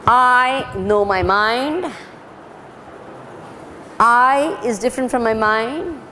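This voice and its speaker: A woman's voice: a little high, very slow, bright, forceful tone. Indian woman teacher in a reverberant hall. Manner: questioning the audience, mixing Hindi into English. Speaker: spiritual teacher. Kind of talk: spiritual lecture to students. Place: lecture hall. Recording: hall reverb, faint ambient noise.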